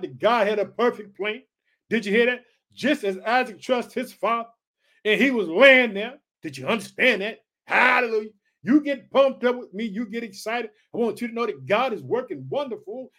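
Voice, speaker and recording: A man preaching with fervent excitement, reading scripture aloud and calling his listeners family. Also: high voice. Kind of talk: excited Bible-reading sermon.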